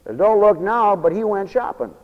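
A male preacher giving a fervent, repetitive sermon that swings between loud emphatic lines and low murmurs, recorded for radio in a church. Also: sing-song, moderate pace, lo-fi sound. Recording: long reverberant hall, radio broadcast tape.

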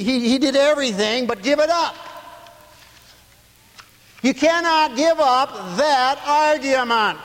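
A man with a high voice preaches slowly and deliberately. His delivery swings between loud and hushed as he tells stories. The sound rings with the long reverb of a large hall. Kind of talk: sermon.

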